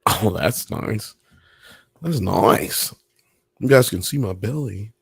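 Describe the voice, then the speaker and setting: A man's voice: on the low side, a little slow, dry recording, clean studio sound. A young man from Alabama, hosting a casual livestream and rambling through a story with plenty of swearing and sound effects. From Alabama, US South. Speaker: livestream podcast host.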